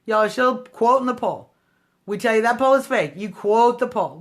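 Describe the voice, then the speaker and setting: A woman's voice: a little high, animated, a little fast. A woman hosting a casual political livestream, talking straight to her viewers in a snarky, combative way. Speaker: livestream host.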